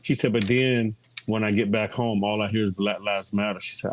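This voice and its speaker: A man's voice: fairly low pitch, steady tone, moderate pace, slight background noise. A middle-aged man chatting casually in a group, telling stories and quoting people. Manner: chatty storyteller, quotes others often.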